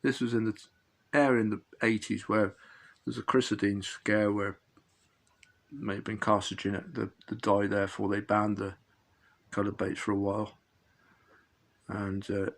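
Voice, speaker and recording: A middle-aged man, rambling and chuckling as he recounts an old fishing match, often correcting himself mid-sentence. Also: on the low side. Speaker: fishing channel host. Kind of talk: casual anecdotal storytelling.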